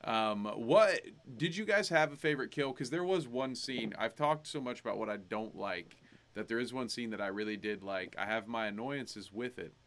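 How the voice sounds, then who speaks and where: A man's voice: medium pitch, normal speed, fairly bright tone, a little hiss or hum. A young adult man co-hosting a podcast, talking animatedly and rambling about a horror film, laughing often. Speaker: podcast co-host. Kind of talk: casual movie review chat.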